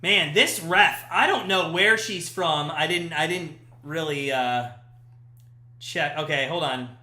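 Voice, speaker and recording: A man hosting a live watch-party stream, giving chatty play-by-play that jumps to shouts at big chances. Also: on the high side, slow pace. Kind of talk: casual watch-party commentary. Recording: echoey room.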